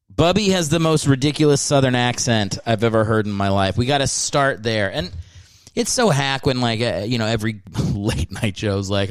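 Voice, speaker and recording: A man's voice: mid-range voice, animated, normal speed, smooth, no room sound, clean studio sound. A man hosting a podcast, rambling in a casual, profane and self-mocking monologue. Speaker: podcast host.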